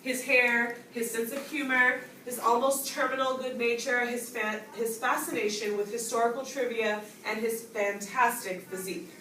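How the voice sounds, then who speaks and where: A woman's voice: on the high side, steady tone, normal speed, few pauses, sharp tone. A woman teaching a grammar lesson to a class, explaining points and calling on students by name. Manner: instructive, calls on students and asks questions. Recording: echoey classroom, distant mic, background noise.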